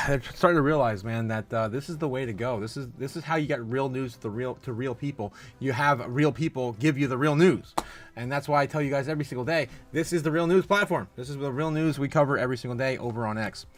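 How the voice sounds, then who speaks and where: A man in a mid-range voice hosts a loose crypto livestream, chatting straight to his viewers and reading their comments aloud. He laughs easily and swings from rambling, filler-packed asides into loud, hyped-up bursts. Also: mid-range voice, fast talker. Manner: excitable, laughs often, loud bursts of hype; frequent filler uhs and restarts. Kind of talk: casual live-stream commentary reading chat.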